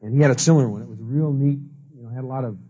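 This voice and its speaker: A man's voice: mid-range voice, racing, dark tone, husky. A man teaching a class, telling stories and acting out the people he quotes. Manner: storytelling, acts out quoted people. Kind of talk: lecture with anecdotes. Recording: dull lo-fi recording.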